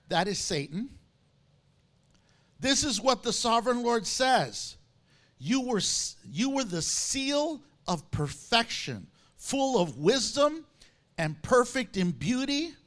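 A man preaching a sermon, reading scripture aloud with strong emphasis and lively commentary. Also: very high voice. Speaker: pastor.

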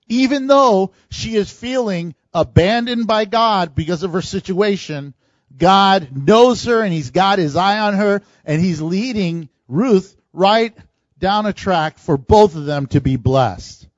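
A man's voice: high voice, darkish tone, no room sound. A man preaching a sermon in a conversational way, chuckling now and then as he explains scripture to his congregation. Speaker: pastor. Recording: dull lo-fi dry recording.

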